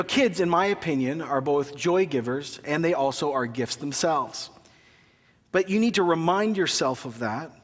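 A man in his thirties preaching a sermon as a pastor, telling a family story with animated, self-mocking humor. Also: a little high. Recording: long hall reverb.

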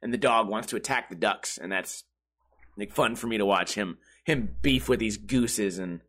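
Bright-voiced, profane ranting man. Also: fairly low pitch, normal speed. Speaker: podcast host. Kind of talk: comedic podcast monologue.

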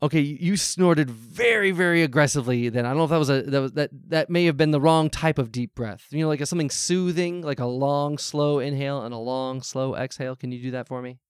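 An actor playing a nervous, overly polite advice-show host who stammers constantly, heard over a video call. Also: male voice, on the high side, fairly quick, hardly any pauses, clear, resonant tone, no echo, clean studio sound, close to an everyday voice. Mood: soothing. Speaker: improv comedy host.

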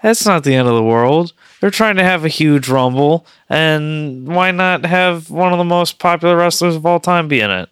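A man with a smooth, resonant middle voice chatting on a podcast. He rambles and restarts as he works through his point. The recording is dry and close. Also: a little high, animated, moderate pace, hardly any pauses, a bit bright, no room sound. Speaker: podcast co-host. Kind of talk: casual chat.

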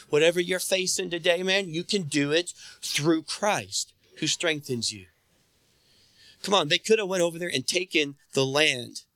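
A pastor delivers a sermon in a bright, forceful male voice pitched fairly high, calling out to his congregation and urging them to respond. The recording is close and dry, with no room sound.

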